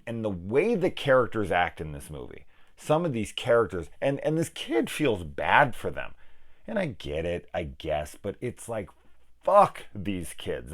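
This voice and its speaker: A man hosting a film review channel, angrily ranting through a profane spoiler discussion. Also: on the low side.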